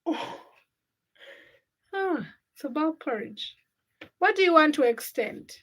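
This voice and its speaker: A woman's voice: sits high, expressive, slow pace, a bit bright. A young woman hosting a casual livestream, chatting with viewers and reading their comments aloud while she cooks. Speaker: livestream host.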